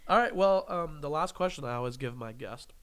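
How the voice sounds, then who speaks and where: A man's voice: on the high side, expressive, a little fast, fairly bright tone, clear, resonant tone. A young man hosting a casual interview podcast, joking, rambling and laughing often. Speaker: podcast host.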